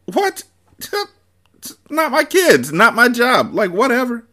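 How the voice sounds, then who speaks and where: Man doing a shrill dismissive social worker woman. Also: very animated, slow pace, sharp tone, exaggerated voice. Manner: mocking, dismissive. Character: snide indifferent female social worker.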